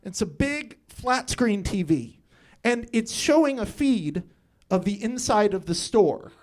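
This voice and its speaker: A man's voice: high voice, sing-song, slow. A young man telling a personal story at a live storytelling show, often laughing through his lines and acting out his own thoughts.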